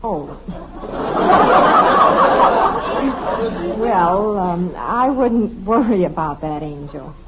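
A woman playing a calm, kindly mother with a gentle, reassuring manner, in a 1950s radio sitcom. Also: lowish voice, very slow, pauses often, a loud crowd, heavy background noise, heavily acted. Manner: gentle, reassuring, even-tempered. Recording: dull lo-fi old radio recording.

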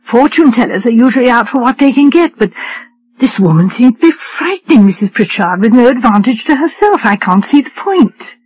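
A woman's voice: a little high, big pitch swings, a little fast, a little mellow, slightly rough, dry recording, rough recording. A woman reader voicing a practical female nurse in a firm, matter-of-fact way.

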